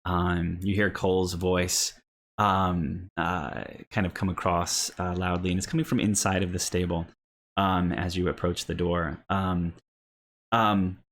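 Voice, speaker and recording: A man's voice: deep voice, flat delivery, unhurried, a bit bright, a little hiss or hum. A man narrating a tabletop role-playing game as game master, rambling with many ums and restarts.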